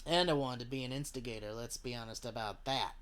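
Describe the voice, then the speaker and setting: While live-streaming a video game, a man chats casually with his audience in a fast, medium-pitched voice that's clean and a bit bright. He rambles and jokes, swearing freely as he talks to his chat.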